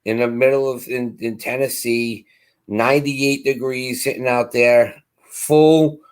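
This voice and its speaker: A middle-aged man casually telling a long story, animated and acting out the voices of the people in it. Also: medium pitch, unhurried, smooth. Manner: animated, acts out quoted voices. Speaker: co-host.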